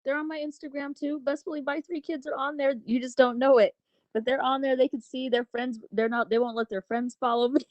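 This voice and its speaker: A woman in her forties telling animated stories in a casual group discussion, laughing often. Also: high-pitched, fairly quick, no room sound, highs cut off. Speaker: open mic participant.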